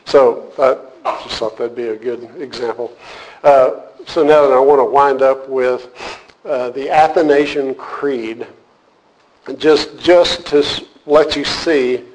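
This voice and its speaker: A church class teacher, a man with a mid-range, slightly mellow voice, gives a laid-back sermon to a live group, cracking jokes and then getting earnest to explain a point. The audio quality is poor.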